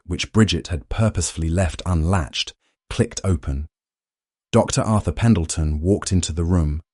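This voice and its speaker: A man narrating a scripted suspense story with a steady, dramatic delivery. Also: low-pitched, no room sound, studio quality.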